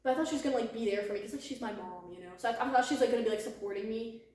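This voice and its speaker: A woman's voice: on the high side, very fast, far from the mic. A young woman hosting a podcast in casual chat, giggling and swearing as she tells stories. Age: young adult. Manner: giggly, swears a lot, animated storytelling. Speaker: podcast host. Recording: very echoey room.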